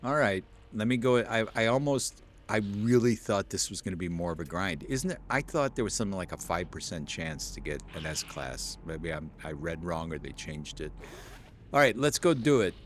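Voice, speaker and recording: A young man live-streaming a game, chatting with viewers and reading chat aloud, easily excited. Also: low-pitched, normal speed, a little hiss or hum.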